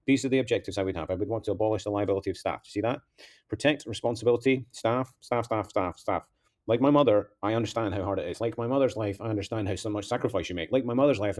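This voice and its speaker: A man's voice: medium pitch, a little mellow. A man delivering a rambling political monologue as a candidate, impassioned, veering between outbursts and mutters.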